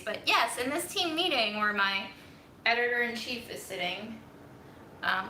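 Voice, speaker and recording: A woman's voice: a little high, very animated, measured pace, bright, forceful tone, echoey room, slight background noise. A woman vlogging in her home kitchen, chatting casually and rambling with self-mocking humor to her viewers. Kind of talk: casual chat to a livestream audience.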